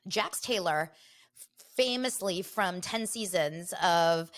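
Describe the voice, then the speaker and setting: A woman hosts her own podcast in a loose, gossipy chat. Her voice sits slightly low. She is middle-aged, animated, and quick to act out the people she talks about. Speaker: podcast host. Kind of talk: casual solo podcast chat.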